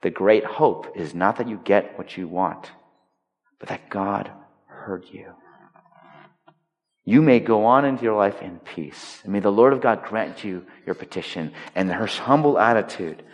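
A male pastor giving a conversational, emphatic sermon, swinging between loud stressed lines and hushed quiet points. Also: fairly low pitch, lively intonation, measured pace, dull audio. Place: large hall. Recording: long reverb of a large hall.

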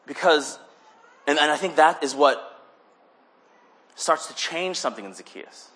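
A young man giving a casual sermon, animated, often acting out little voices for the people he talks about. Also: on the high side, measured pace. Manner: animated, acts out voices in quotes. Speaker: preacher.

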